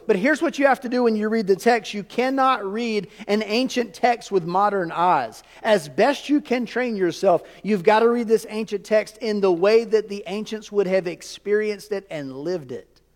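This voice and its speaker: A man preaching a sermon in a church, animated and full of rhetorical questions to the congregation. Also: high voice, moderate pace, long reverb tail. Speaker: pastor. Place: church sanctuary.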